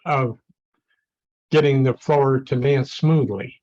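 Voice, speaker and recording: A man's voice: mid-range voice, takes it slowly, darkish tone. A man in the class offering a friendly comment from his own experience. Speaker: participant in the class. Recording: dull lo-fi sound.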